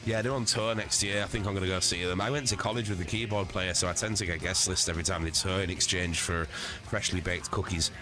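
He has a deep, steady voice and talks fast, with music in the background. Congested from a cold, the man livestreams from home in a casual, profane, rambling chat, chuckling at his own jokes.

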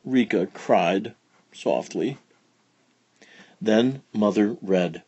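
A man reading a children's picture book aloud in a slow, expressive, gentle storytelling manner. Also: fairly low pitch, husky, no echo, lo-fi sound. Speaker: storybook reader.

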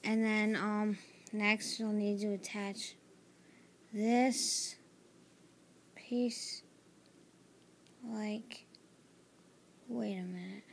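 A woman's voice: mid-range voice, little pitch movement, very slow, long pauses, a little hiss or hum. A woman hosting a casual building tutorial, hesitant and filler-heavy, often apologizing, recorded on a tablet's built-in mic. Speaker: tutorial host. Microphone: tablet camera mic.

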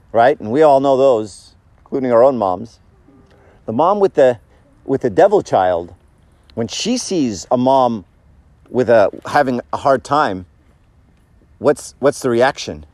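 Man, casual sermon, chatty and joking, mid-pitched voice, dry close sound. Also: darkish tone, no room sound. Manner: conversational, joking, questions the audience. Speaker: church speaker.

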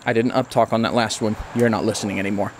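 A man's voice: fairly low pitch, fairly even intonation, quick pace, slight background noise. A man hosting his own channel, giving an opinion commentary in a blunt, emphatic, lecturing way. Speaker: YouTube channel host.

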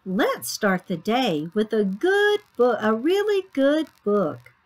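A woman's voice: a little high, very animated, slow pace. A woman voicing a cheerful classroom teacher in a picture book, in a sing-song, enthusiastic way.

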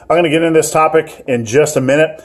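A man's voice: fairly high pitch, fast talker. A man hosting a fitness vlog, giving gym advice in a joking, rambling, self-mocking way. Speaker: fitness channel host.

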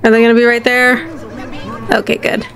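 A woman's voice: a little high, completely flat delivery, moderate pace, a bit bright, a faint crowd. A woman giving horror game commentary, panicky, yelping and talking to herself. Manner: panicky, yelps and rambles to herself. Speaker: gaming commentator.

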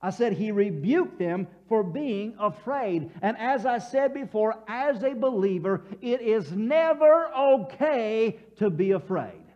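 A man's voice: high voice, expressive, slow pace, hardly any pauses, mellow. A man preaching a sermon as pastor, telling scenes vividly and acting out voices, leading the congregation to repeat lines back. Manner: leads congregation call-and-response. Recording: dull lo-fi church broadcast audio.

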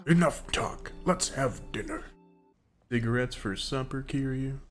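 A man's voice: medium pitch, a little slow. Joking young man over game music. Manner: joking, crude, excitable. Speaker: let's play commentator. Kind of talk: comedic gameplay commentary.

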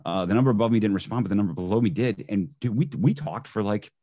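A man's voice: lowish voice, fast. A man as a podcast guest in casual chat, easygoing and hesitant, often restarting his sentences. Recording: dull lo-fi audio.

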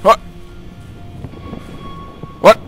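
A man's voice: extremely slow, fairly bright tone, faint music behind. A man doing let's play commentary, goofy and joking, talking back to the enemies on screen. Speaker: gameplay commentator.

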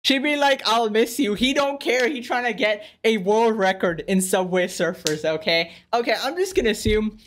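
A man's voice: sits high, normal speed, few pauses, noisy background. A man hosting a casual reaction video, talking in a sarcastic, rambling way and often trailing off with "okay?".

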